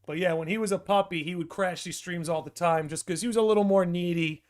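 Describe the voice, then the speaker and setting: A young man hosting a livestream, chatting casually and excitably, thinking out loud with quick restarts. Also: high-pitched. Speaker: podcast and livestream host.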